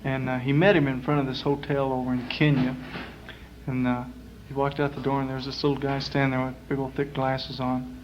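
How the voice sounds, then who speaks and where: A man on a small club stage, telling a long shaggy joke in a loose, drawling way, with lots of pauses and fillers. His voice sits in a middle range. The recording is muffled and dull, like a 1960s live tape, with a faint hiss behind it. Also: mid-range voice, completely flat delivery. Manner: casual, drawling, full of "uh" fillers. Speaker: performer telling jokes on stage.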